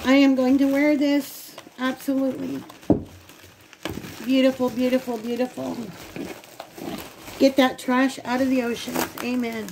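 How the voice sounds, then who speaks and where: A woman's voice: sits high, little pitch movement, measured pace, vocal fry, long pauses, background noise. A woman co-hosting a casual unboxing vlog, gushing and talking straight to her viewers. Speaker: channel co-host.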